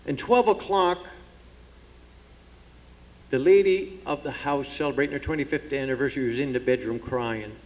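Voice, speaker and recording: A man's voice: mid-range voice, moderate pace, long pauses, darkish tone. A man telling folksy, self-deprecating jokes about old age to a live audience from a theatre stage. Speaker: comedian entertaining at a pageant. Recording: dull, muffled hall recording with long reverb.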